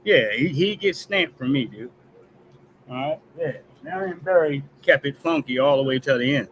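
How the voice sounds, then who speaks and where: A man hosts a news commentary stream, ranting emphatically in a heated, profane casual rant and tagging line after line with "all right?". His mid-range voice is animated and a bit bright at normal speed, and the poor audio carries a little hiss or hum.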